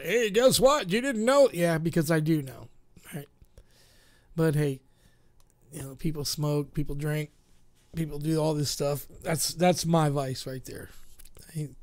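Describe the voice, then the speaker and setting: A man's voice: on the high side, darkish tone, clean tone. A man hosting a live internet radio show, chatting casually and rambling with lots of fillers and self-mocking asides.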